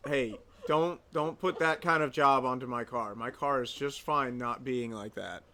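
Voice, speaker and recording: A man's voice: mid-range voice, a little slow, bright, forceful tone. A man hosting a livestream, chatting casually and teasing his friends. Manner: joking, teasing. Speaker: streamer host.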